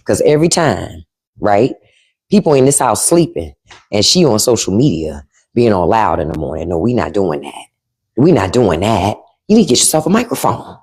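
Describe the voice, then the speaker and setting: A woman's voice: rumbling low, big pitch swings, normal speed, a little mellow, breathy edge. A middle-aged woman hosting a casual livestream from home into a microphone, acting out quoted voices as she talks. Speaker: livestream host.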